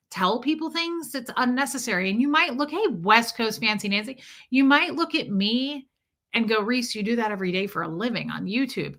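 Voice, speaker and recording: A woman's voice: high-pitched, bright, forceful tone. A woman hosting a casual livestream, rambling through a story and greeting viewers by name mid-sentence. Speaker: livestream host.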